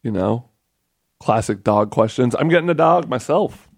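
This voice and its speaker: A man's voice: medium pitch, animated, normal speed, vocal fry, no room sound. Young male podcast host, loose, self-mocking rambler, dry close mic. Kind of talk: casual solo podcast chat.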